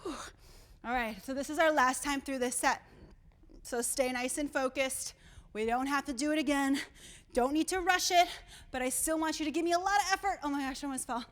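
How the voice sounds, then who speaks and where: A woman's voice: sits high, fairly quick. A woman coaching a workout while doing it herself, out of breath, encouraging and counting down the seconds. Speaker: fitness instructor.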